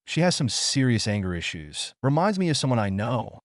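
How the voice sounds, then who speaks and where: A man voicing a brash, loud young male ninja who whines and shouts, in a dry recording. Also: mid-range voice, very animated, brisk, no room sound, lightly acted. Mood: grumbling. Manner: whiny, loud.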